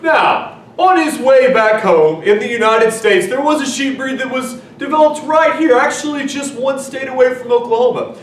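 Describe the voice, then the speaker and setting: A man's voice: extremely high pitch, normal speed. A man playing an upbeat, teasing TV-style announcer, handing off segments in a lesson video. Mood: announcing. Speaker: agriculture teacher. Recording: roomy, distant mic, faint noise.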